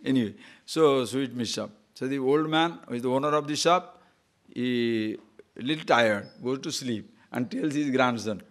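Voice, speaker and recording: A man's voice: mid-range voice, moderate pace. A man from Odisha with an Odia Indian English accent, giving a spiritual discourse full of stories and rhetorical questions. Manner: animated, playful, rhetorical questions. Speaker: spiritual teacher.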